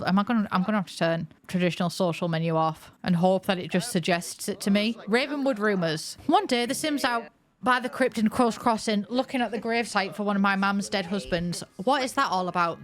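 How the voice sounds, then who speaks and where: A woman giving chatty, excitable let's-play commentary, thinking aloud as she plays. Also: medium pitch. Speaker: gaming video creator.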